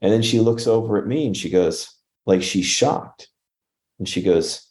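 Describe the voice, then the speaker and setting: A man's voice: fairly low pitch, unhurried, darkish tone. A man telling a personal story as a podcast guest, earnest, with frequent restarts and acted-out quotes. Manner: earnest, restarts often, acts out quoted speech. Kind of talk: conversational storytelling.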